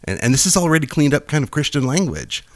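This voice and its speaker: A man co-hosting a podcast in casual chat, telling jokes with lots of laughter and loud punchlines into a close mic. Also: a little high, quick pace. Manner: animated, laughs often, shouts punchlines. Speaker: podcast co-host. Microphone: close studio mic.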